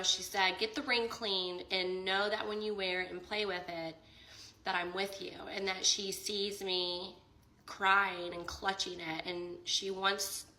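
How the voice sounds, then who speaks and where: A woman's voice: mid-range voice, bright, forceful tone, echoey room, rough recording. A young woman telling an emotional personal story in a casual vlog, quoting both sides of a conversation and saying "like" a lot. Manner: tearful and emotional near the end. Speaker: vlogger.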